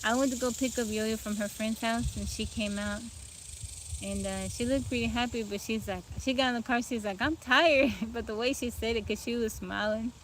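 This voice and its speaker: A woman's voice: a little high, a little fast, poor audio. Woman host, outdoor phone livestream, laid-back chat greeting viewers, sleepy, bugs buzzing behind her. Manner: relaxed, greets viewers by name. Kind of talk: casual live stream chat. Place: outdoors among trees. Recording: outdoor phone stream with bug noise. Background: insects and outdoor ambience.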